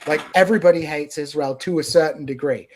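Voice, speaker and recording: Man, podcast host, fairly high-pitched, opinionated, animated casual political talk. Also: fast talker, slight background noise.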